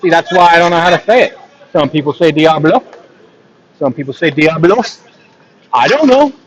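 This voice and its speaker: A man calls a ball hockey game by himself, his fairly high voice swinging up and down as the action builds. He jokes and chats between plays. The stream audio is a bit dull, with faint noise under it. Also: quick pace. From not from Texas. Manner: excitable, joking, rises in pitch on big plays. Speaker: play-by-play commentator. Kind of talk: solo live sports commentary with chat asides.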